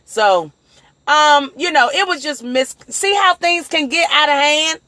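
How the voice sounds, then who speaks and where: Woman, livestream host, casual motivational talk, animated, acts out quotes, very high voice, dry sound. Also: unhurried, dry recording. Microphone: phone livestream.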